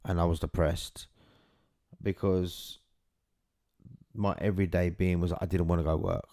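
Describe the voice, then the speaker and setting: A middle-aged man speaks in a very low, dark and mellow voice, recorded close and dry. He tells his own story candidly and earnestly, with casual swearing. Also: little pitch movement, a little slow, no echo. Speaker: father telling his story.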